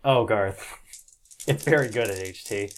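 A man's voice: fairly low pitch, unhurried, a little hiss or hum. A man narrating as game master, casual and joking, swearing now and then and laughing along with the players.

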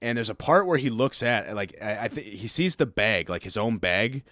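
A man's voice: fairly low pitch, expressive, normal speed, sharp tone, no echo, clean studio sound. A man chatting casually about a comic, swearing freely and acting out the characters' lines. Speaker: podcast co-host discussing a comic. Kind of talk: casual chat.

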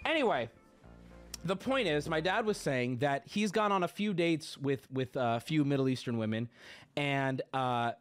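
A man in his late twenties hosts a livestream, ranting indignantly and swearing as he goes. His slightly high voice has lively intonation at a moderate pace, with faint music behind him.

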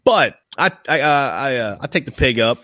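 A man's voice: mid-range voice, lively intonation, normal speed, bright, forceful tone, no echo, studio quality. A man hosting a podcast, telling a story in a rambling, casual way, swearing often. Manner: rambling, swears a lot, lots of fillers. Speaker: podcast host.

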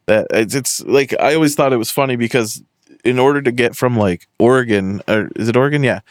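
A young man from Western Massachusetts, a podcast host who tells animated stories and swears freely in casual chat. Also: medium pitch, fairly quick, dry recording, studio quality.

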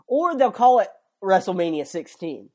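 Animated joking male podcast host. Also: high voice, normal speed. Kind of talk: casual podcast chat.

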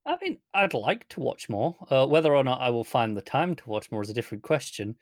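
A man with an ordinary mid-range voice co-hosts a casual podcast, measured and thoughtful, often agreeing before he adds his own view. The recording is close and dry. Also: mid-range voice, big pitch swings, dry recording. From United Kingdom. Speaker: podcast co-host. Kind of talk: casual chat.

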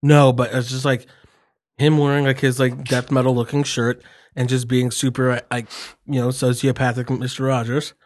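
A man co-hosting a casual podcast, telling a story with excited, profane energy. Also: mid-range voice, normal speed. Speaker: podcast co-host. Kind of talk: casual chat.

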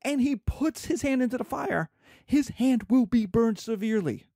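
Animated man lecturing as a professor. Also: very high-pitched, normal speed, no room sound, clean studio sound. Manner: animated, acts out little scenes, asks and answers his own questions. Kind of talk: lecture to students.

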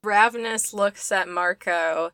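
A woman tabletop player speaking in character with dry, deadpan teasing. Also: medium pitch, slow pace, dry recording.

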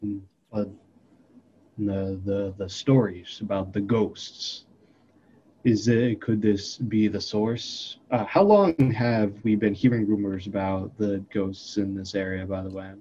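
A man playing a tabletop game, speaking in a hesitant, measured way. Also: on the low side, warm tone. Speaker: player. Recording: dull mic with faint hiss.

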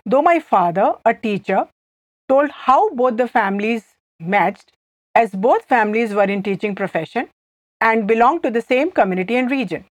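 Indian woman, language teacher, clear measured delivery, slightly high voice, dry close sound. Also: dry recording. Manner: clear, measured, repeats phrases slowly. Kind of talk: scripted language lesson.

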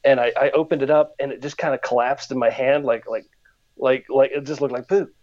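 A man's voice: medium pitch, fairly even intonation, fairly quick, a little mellow, dull audio. A man hosting a podcast, telling childhood stories in casual chat and animating the dialogue. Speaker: podcast host.

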